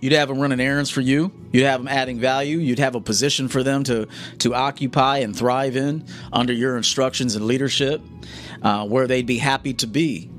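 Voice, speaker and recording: A man's voice: medium pitch, steady tone, a little fast, soft background music. Blunt lecturing man on a live stream. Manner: blunt, lecturing, confrontational, keeps asking "okay?". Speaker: coach.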